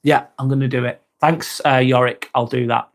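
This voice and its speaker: A man's voice: mid-range voice, steady tone, moderate pace. A man hosting a casual livestream chat, reading out viewer comments, swearing casually and laughing often. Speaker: livestream host.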